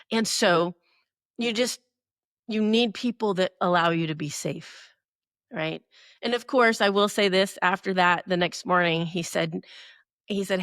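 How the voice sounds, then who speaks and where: A middle-aged woman co-hosts a podcast, offering earnest motivational advice and often checking in with a "right?" tag. Her mid-range voice is a bit bright and moves at a normal speed, captured as a dry, clean studio recording.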